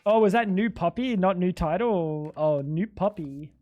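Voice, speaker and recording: A man's voice: high-pitched, a little slow, highs cut off. A man streaming live, chatting casually in a ranting, exasperated way full of swearing.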